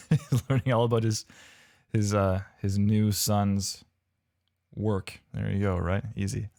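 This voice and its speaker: A man's voice: fairly low pitch, level tone, takes it slowly, gravelly, a little mellow, no room sound, studio quality. Chatty man hosting a livestream. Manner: chatty and rambling, playful, with many fillers and restarts. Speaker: livestream host reviewing game audio demo reels. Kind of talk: casual livestream chat.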